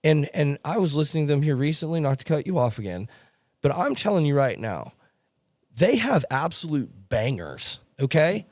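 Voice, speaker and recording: A man hosting a podcast, excitable and chatty, often cutting in and saying "dude". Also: a little high, normal speed, no echo, studio quality. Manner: excitable, talks over guest, says dude. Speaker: podcast host. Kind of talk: casual chat.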